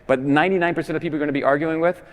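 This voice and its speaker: A man giving a persuasive conference talk with emphatic stresses that drop to quiet endings. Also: steady tone, rapid-fire. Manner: emphatic, with swings between loud stresses and low, quiet endings. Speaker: conference speaker. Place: large basilica. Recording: long reverb in a big church.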